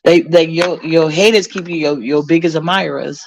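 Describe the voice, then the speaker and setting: A woman's voice: low voice, steady tone, normal speed, vocal fry, darkish tone, dry recording. A woman from Harlem, chatting casually as a vlogger and reading viewer comments in a blunt, rambling way. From Harlem, New York. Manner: blunt, profane, rambling with many fillers.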